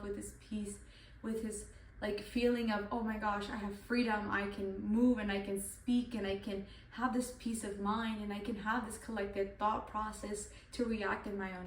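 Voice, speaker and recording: A woman's voice: medium pitch, far from the mic. A young woman giving an earnest devotional Bible talk, repeating herself with many "like" fillers. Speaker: channel host. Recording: echoey room, voice off-mic, faint noise.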